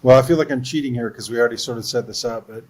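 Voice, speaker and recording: This is a man with a voice of ordinary, mid-range pitch, speaking as a film producer on a livestream. He tells behind-the-scenes stories in an earnest, conversational way. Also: very fast, a little mellow, poor audio. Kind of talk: livestream interview.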